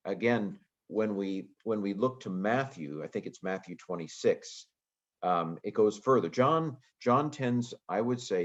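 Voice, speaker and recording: A man with a very low voice talks through Greek grammar as a casual lecture. He muses aloud and fills pauses with ums. The audio is muffled and lo-fi. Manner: relaxed, thinking aloud with frequent ums. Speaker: Greek teacher.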